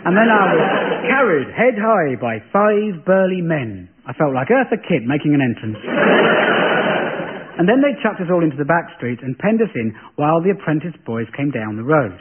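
A man's voice: on the high side, big pitch swings, moderate pace, breathy edge. An English man hosting a comedy panel show, delivering a satirical monologue in a dry, sardonic way. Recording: lo-fi phone-like radio broadcast.

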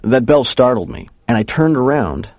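A man's voice: medium pitch, big pitch swings, normal speed, darkish tone, no room sound. A man narrating a first-person story in a casual, conversational way. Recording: dull lo-fi recording.

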